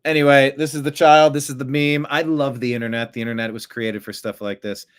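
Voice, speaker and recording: A man's voice: mid-range voice, fairly even intonation, fairly quick, smooth. A man hosting a casual online commentary show from his home desk, chatting and talking to his cat between stories. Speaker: host.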